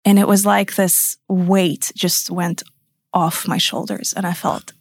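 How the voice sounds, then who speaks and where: A woman's voice: lowish voice, flat delivery, measured pace, vocal fry, no echo, studio quality. A woman in her thirties, a podcast guest, telling her personal story frankly and emphatically, sometimes swearing.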